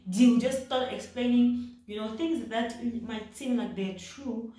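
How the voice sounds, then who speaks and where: A woman's voice: on the high side, measured pace, mellow. Chatty woman in a very echoey room. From South Africa. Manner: chatty, repeats points with "right?". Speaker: vlogger giving dating advice. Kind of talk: casual advice talk to camera. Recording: very echoey room, distant mic.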